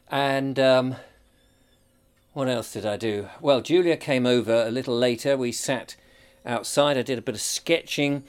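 A middle-aged man in a casual audio diary, rambling and chatty while he potters in his kitchen. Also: mid-range voice. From England. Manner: rambling, chatty, self-amused. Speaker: podcast host. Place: home kitchen by a stove.

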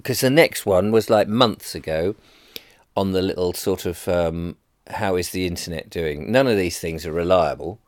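A man's voice: deep voice, normal speed. A man, rambling and sarcastic in a casual rant to camera.

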